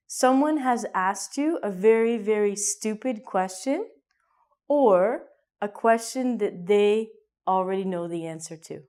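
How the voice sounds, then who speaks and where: A woman's voice: mid-range voice, lively intonation, measured pace, pauses often. A woman from Canada with a Canadian accent, teaching English in a playful, jokey way and acting out small scenes. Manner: playful, jokey, acts out mini scenes with sudden loud and hushed bits. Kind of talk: casual online English lesson.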